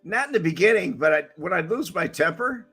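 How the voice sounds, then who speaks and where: An older man co-hosting a casual podcast over a remote call, telling old stories with a gravelly, laughing delivery. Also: high voice, lively intonation, fairly quick, fairly bright tone, soft background music. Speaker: podcast co-host, former mob associate.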